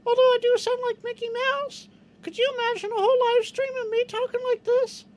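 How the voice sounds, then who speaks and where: A man putting on a squeaky cartoon falsetto. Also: flat delivery, a little fast, slight background noise. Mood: playful. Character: squeaky high-pitched cartoonish male falsetto, playful.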